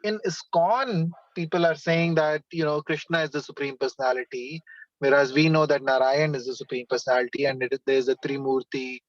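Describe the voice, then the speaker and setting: A man's voice: mid-range voice, steady tone, brisk, no room sound. A man taking part in a scripture class, speaking hesitantly with many fillers. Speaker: class participant. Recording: dry, dull lo-fi audio.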